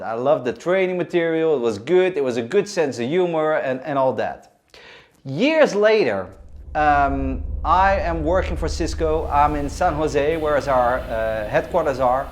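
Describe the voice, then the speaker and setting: A man's voice: fairly high pitch, lively intonation, measured pace. A man co-hosting a podcast, talking with enthusiasm and plenty of restarts. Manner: enthusiastic, with many fillers and restarts. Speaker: co-host.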